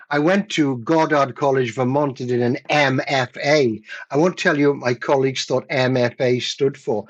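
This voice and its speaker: A man in his seventies, a poet guest in an interview, talking in a measured, reflective way and reading his poems deliberately. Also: a little high. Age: 70s. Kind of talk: conversational interview and poetry reading.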